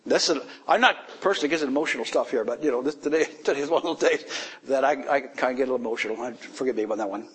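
A man's voice: quick pace, a bit bright, slightly rough. Man preaching a heartfelt sermon. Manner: conversational, emotional, rises high when moved.

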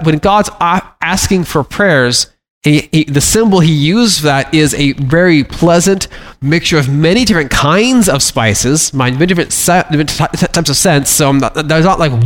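A middle-aged man giving informal Bible teaching to a congregation, talking conversationally with frequent restarts and acting out plaintive prayers. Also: on the high side.

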